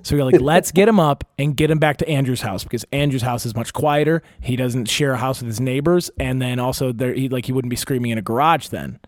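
A man's voice: medium pitch, fast, hardly any pauses, darkish tone, no room sound, studio quality. A young man telling a wild story in a casual chat, rambling and profane, with lots of fillers and restarts.

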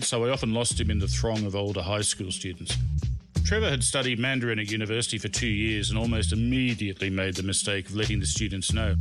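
A middle-aged man, reading a humorous memoir of his own with dry, self-mocking wit. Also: fairly low pitch. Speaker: memoir narrator. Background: background music.

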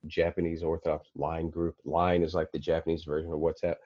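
Husky low guy rambling in a podcast chat, lots of ums and restarts, muffled dry sound. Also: little pitch movement, brisk, warm tone, dry recording. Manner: rambling, many fillers and restarts. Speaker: podcast guest. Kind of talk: casual conversation.

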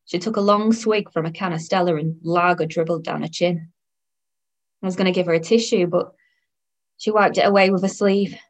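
A woman's voice: on the low side, steady tone, normal speed. Wry woman narrating. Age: 30s. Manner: wry, weary and sardonic. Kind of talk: first-person audio drama narration.

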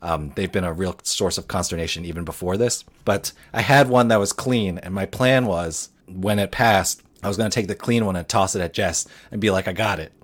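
Man, thirties, podcast co-host, low voice, casual storytelling, rambling fillers. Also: moderate pace, hardly any pauses. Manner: rambling, self-deprecating, frequent fillers.

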